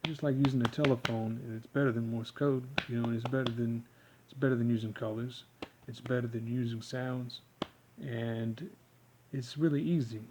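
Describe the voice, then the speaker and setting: A man giving a rambling, halting monologue, full of fillers as he explains a technique. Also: medium pitch, noisy background. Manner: halting, filler-heavy, meandering.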